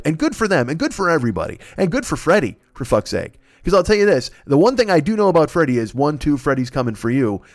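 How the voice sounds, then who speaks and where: A man's voice: a little high, no echo, clean studio sound. A man hosting a podcast, in a rambling, profane comedic monologue that trips over itself and keeps swearing. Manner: rambling, self-interrupting, swears constantly. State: recovering from a cold. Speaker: podcast host.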